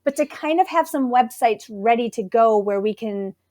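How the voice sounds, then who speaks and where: A woman school librarian chatting in an interview, her voice sitting a bit on the high side. She talks things through thoughtfully and warms up with enthusiasm. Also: expressive, normal speed. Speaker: school librarian, podcast guest. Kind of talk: conversational interview.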